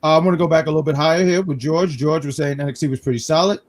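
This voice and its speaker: A man from New York hosting a casual live wrestling review stream, telling animated stories with self-mocking jokes. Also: fairly high pitch, rapid-fire. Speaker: podcast host.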